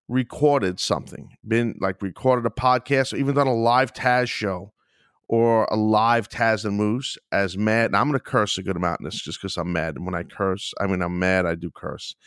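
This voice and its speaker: A man with a lowish voice and fairly bright tone speaks at a moderate pace in a clean, echo-free studio recording. Hosting his own podcast solo, he rants casually in a frustrated, agitated way, swearing and sighing often.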